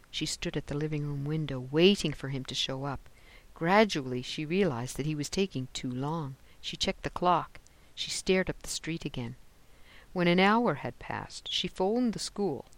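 An audiobook narrator giving steady scripted narration on a close mic. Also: mid-range voice. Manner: steady storytelling, lifts for quoted lines.

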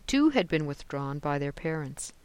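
Steady audiobook narrator, dry close mic. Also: medium pitch, moderate pace, clean tone, no echo. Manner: steady storytelling, lifts for quoted lines. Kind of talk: scripted narration.

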